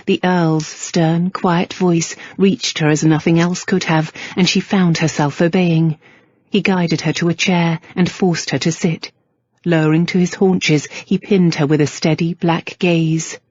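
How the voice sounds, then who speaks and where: A woman narrating an audiobook in a measured, even way. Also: fairly low pitch, no room sound, lo-fi sound. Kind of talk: scripted narration.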